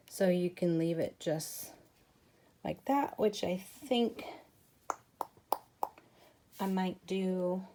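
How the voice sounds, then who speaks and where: This woman hosts a craft tutorial, talking easily to viewers while she works. She speaks in a lowish, dark voice, drawing out her words and pausing often, with slight background noise present.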